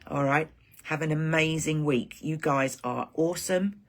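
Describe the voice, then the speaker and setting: A woman's voice: deep voice, a little slow. A woman hosting a live stream for her group, talking in a rambling, heartfelt casual chat.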